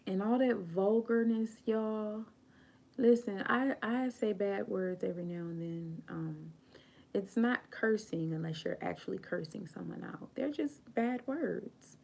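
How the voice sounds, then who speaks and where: An American woman hosts a late-night live stream from home, talking in an unhurried, earnest, preachy way. Her voice has a gravelly edge, and now and then she drops into a soft whisper. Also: medium pitch. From United States. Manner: slow, earnest, preachy, quotes scripture. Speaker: channel host. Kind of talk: live-stream talk on feminine grace.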